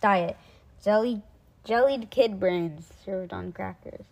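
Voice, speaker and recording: A woman reading a children's chapter book aloud, expressive, with small stumbles and restarts. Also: mid-range voice, takes it slowly, vocal fry, very noisy. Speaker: reader.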